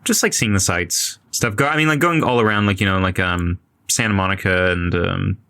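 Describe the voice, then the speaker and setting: A man's voice: low-pitched, brisk, pushed and bright, clean tone. A man co-hosting a casual podcast chat, blunt and profane, with hesitant fillers. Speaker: podcast co-host.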